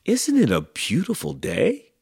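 A man's voice: high voice, wildly swooping pitch, a little slow, vocal fry, darkish tone, slightly rough, no echo, clean studio sound, voice pushed up, heavily acted. A man doing a chirpy cheerful tumbleweed girl. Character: cheerful bouncy female tumbleweed. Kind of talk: children's picture book read aloud.

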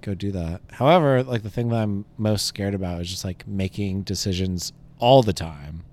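A man's voice: low voice, normal speed, darkish tone. A young man from Los Angeles co-hosting a podcast, telling a rambling story in casual chat and laughing often. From Los Angeles area. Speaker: podcast co-host.

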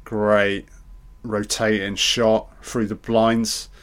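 A man's voice: fairly low pitch, flat delivery, extremely slow. A man giving a casual audio commentary on a film, chatty, joking and swearing a lot.

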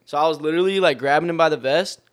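A man's voice: on the high side, rapid-fire, smooth. A man, a jet ski tour guide chatting in a laid-back, slangy way. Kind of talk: casual podcast chat.

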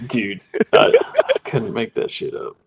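A man with a gravelly, husky voice hosts a casual podcast. He spins a story in loose, slangy talk, full of "like" and "dude.". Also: medium pitch, wildly swooping pitch, a little slow, low-quality recording. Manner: laid-back, slangy, says "like" and "dude" a lot. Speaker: podcast host.

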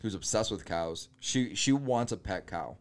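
Lowish-voiced man trading crude jokes. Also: lively intonation, a little slow. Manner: crude joking banter. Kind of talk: casual chat.

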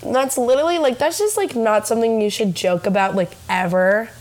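A woman's voice: a little high, a little fast, darkish tone, poor audio. Giggly young woman hosting a podcast. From United States. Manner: giggly, swears freely. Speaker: podcast host. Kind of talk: casual chat.

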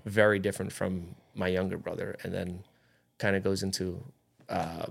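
A man around forty with a low, gravelly voice, spinning a lively story in relaxed chat. He jumps into quick impressions of the people he talks about. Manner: animated storytelling, acting out others' lines. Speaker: podcast guest storyteller. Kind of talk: casual chat.

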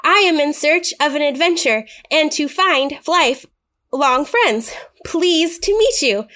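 A woman voicing a small, excitable male dragon kobold who speaks in broken, childlike phrases. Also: sits high, slow, pitched above the performer's own voice, exaggerated voice. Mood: excited.

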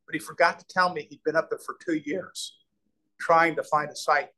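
A man's voice: a little high, a little fast, low-quality recording. A man in his sixties from Omaha, a guest telling a long business story in an interview and acting out the dialogue as he goes. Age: 60s. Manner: animated storyteller, acts out quoted dialogue. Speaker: real estate developer, guest.

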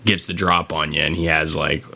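A man with a very low, gravelly voice talks casually as a podcast host, laughing and swearing as he retells a game. He keeps slipping into quick voices for the characters' lines. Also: little pitch movement, pushed and bright.

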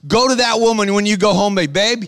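A man with a high, bright voice preaches with fire, shouting and urging the crowd to answer him. He switches between rapid patter and slow, heavy emphasis. The sound is close and dry. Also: clean tone, no echo. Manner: fiery, shouting calls for the crowd to respond; bursts of quick patter between slow, stressed lines. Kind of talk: sermon to a live audience.

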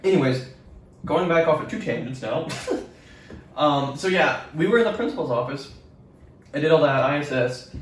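Animated young man telling school stories. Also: fairly high pitch, moderate pace, pauses often, recorded from a distance. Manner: rambling, profane, acts out quotes. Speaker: podcast co-host. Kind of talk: casual podcast storytelling. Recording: echoey room, off-mic with faint noise.

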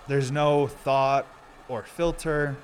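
A man's voice: mid-range voice, fairly even intonation, slow, a little hiss or hum. A young man rambling loosely and profanely during a home smoking session, shivering from the cold. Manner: loose, unfiltered, profane, self-deprecating. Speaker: streamer and podcast host. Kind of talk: rambling casual talk.

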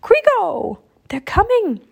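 A woman voicing an eager young girl turned raven, calling out in a high, excited way. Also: slow pace, exaggerated voice. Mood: urgent.

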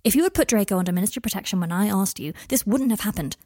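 A stubborn young wizard, protective and fiercely defiant, read by a woman in her own husky voice. He speaks bluntly in a storybook reading. The sound is close and dry. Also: medium pitch, animated, racing, no room sound, lightly acted. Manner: blunt and defiant when pressed, gentle with the child.

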